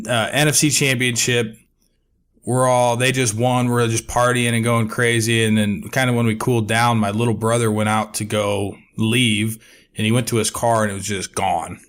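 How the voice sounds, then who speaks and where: A young man co-hosting a podcast, telling a long story in a profane, animated way. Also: medium pitch, measured pace. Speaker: podcast co-host. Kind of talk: casual storytelling.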